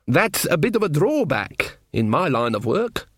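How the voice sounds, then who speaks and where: Male reader doing an anxious, sarcastic dwarf romancer, lively and up in pitch, dry studio sound. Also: unhurried, husky, dry recording, full character voice. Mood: touchy, nervous. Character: small dwarf man, nervous, touchy ladies' man.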